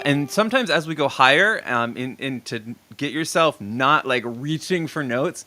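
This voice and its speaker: A man leading a casual singing lesson, relaxed and full of ums and restarts as he explains breathing and warm-ups. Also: medium pitch, moderate pace, few pauses, faint music behind. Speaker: vocal coach.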